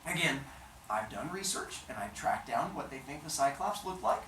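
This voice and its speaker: Animated, jokey low-voiced woman storyteller. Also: normal speed, reverberant, slight background noise, poor audio. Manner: animated, jokey, chatty asides. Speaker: teacher. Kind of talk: comic storytelling of myths to a class.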